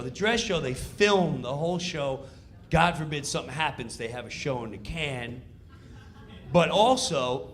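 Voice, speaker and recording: A man telling an animated comedic backstage story, acting out the scene as he goes. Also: fairly high pitch, slight background noise.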